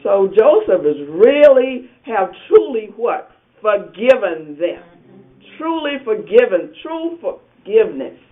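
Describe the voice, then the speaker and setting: A man teaching a lively Sunday school Bible class, quizzing the group and laughing often. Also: high voice, slow. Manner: animated, asks the class questions and laughs often. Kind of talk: interactive Bible lesson. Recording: tinny phone-like sound.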